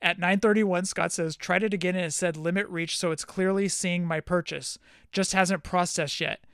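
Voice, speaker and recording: A man's voice: high voice, steady tone, moderate pace, fairly bright tone, clear, resonant tone, no echo, studio quality. A man co-hosting a podcast, telling a funny story in casual chat, reading out text messages and laughing as he goes. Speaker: podcast co-host.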